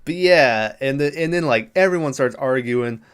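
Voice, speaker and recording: A man's voice: medium pitch, animated, normal speed, smooth. A male podcast host casually recapping a film, rambling with lots of fillers, laughing and acting out the characters' lines.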